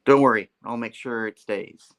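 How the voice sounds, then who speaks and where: A man's voice: mid-range voice, fairly even intonation, moderate pace, fairly bright tone, natural voice. A man voicing a young male superhero in a slightly raised, earnest voice while reading a comic aloud. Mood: reassuring. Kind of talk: comic book read-aloud.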